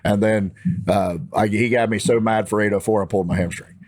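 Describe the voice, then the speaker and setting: A man with a Midwestern American accent telling a story in a casual, animated, fired-up way. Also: fairly low pitch, a little fast, no room sound, studio quality. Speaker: podcast guest.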